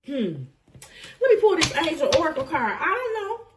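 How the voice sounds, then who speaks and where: A woman's voice: high-pitched, sing-song, normal speed, noisy background. Effusive woman doing a tarot reading. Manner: emotional and effusive, often laughing. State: getting over a cold. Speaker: tarot reader. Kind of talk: casual tarot reading to camera.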